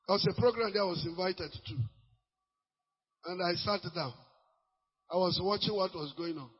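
A high-voiced Nigerian man preaching, his slightly husky tone ringing in a long church-hall reverb. The recording is muffled and dull. He drifts into Pidgin and breaks into sudden shouts to drive points home. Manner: animated preaching mixing Pidgin, bursts of shouting. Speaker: pastor. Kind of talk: sermon.

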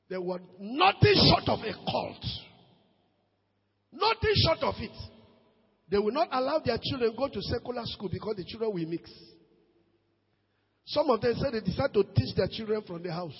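A Nigerian man preaching a sermon as pastor, swinging between shouted peaks and low asides, slipping into Pidgin. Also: sing-song, normal speed, pauses often, husky, long reverb tail, lo-fi sound. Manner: preaches with sudden shouted rises and quiet drops, mixes in Pidgin.

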